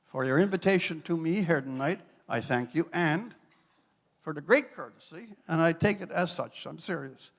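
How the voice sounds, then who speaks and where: High-voiced man in echoing hall. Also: animated, moderate pace, creaky. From Newfoundland, Canada. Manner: wry, dramatic storytelling with rhetorical flourishes. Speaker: guest speaker. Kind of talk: after-dinner speech. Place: gala banquet hall. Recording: long reverb of a large hall.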